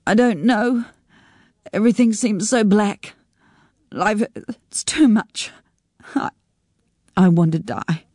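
A woman's voice: medium pitch, slow pace, long pauses, a little mellow, no room sound, studio quality. A woman reading a story on the radio, voicing a despairing widow who is tearful and wry. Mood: sobbing despair. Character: despairing widow Jackie, weepy and bitter.

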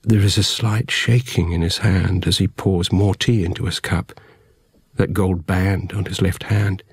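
A man with a husky voice narrating a first-person story in an intimate, reflective way. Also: low-pitched, fairly even intonation, measured pace, no room sound. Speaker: audiobook narrator.

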